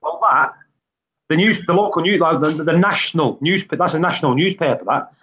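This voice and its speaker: A man's voice: on the high side, brisk, bright, forceful tone, slight background noise. Chatty man on lo-fi audio. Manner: chatty, rambling. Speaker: live stream host. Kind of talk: casual chat. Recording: dull lo-fi stream audio.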